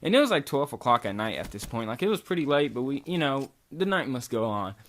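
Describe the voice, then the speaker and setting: A man's voice: mid-range voice, sing-song, fast. Young guy from kentucky rambling thru a story, swears a ton, casual. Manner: loose, rambling, swears a lot. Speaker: vlogger.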